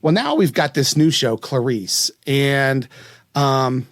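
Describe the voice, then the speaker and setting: A man's voice: mid-range voice, expressive, slow, dry recording, studio quality. A man from West Virginia hosting a casual chat, rambling and chatty, often breaking off and restarting his sentences. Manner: rambling, chatty, self-interrupting. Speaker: podcast host.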